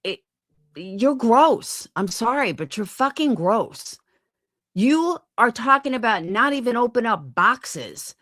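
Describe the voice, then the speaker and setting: A woman's voice: a little high, very animated, slow, fairly bright tone, no echo, studio quality. A woman streamer ranting angrily on a live stream, swearing often and firing rhetorical questions. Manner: angry, profane, rhetorical questions.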